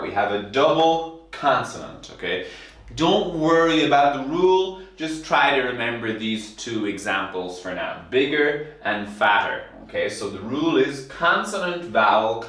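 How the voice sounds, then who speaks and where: A man teaching an English grammar lesson, spelling words out letter by letter and repeating examples slowly at a whiteboard. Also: medium pitch, sharp tone. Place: classroom with whiteboard. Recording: echoey room, mic far off.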